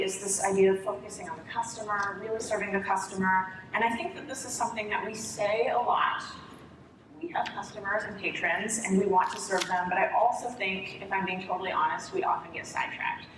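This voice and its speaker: A woman's voice: medium pitch, steady tone, a little fast. Woman interviewer in an echoey conference hall. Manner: candid, enthusiastic, self-deprecating asides. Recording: echoey hall, distant mic, noisy.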